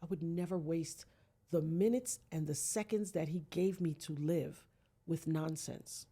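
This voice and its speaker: A woman's voice: low-pitched, measured pace, mellow, husky. A woman guest on a podcast, telling a dramatic personal story earnestly and vividly, acting out the voices she quotes. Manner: earnest, invokes God.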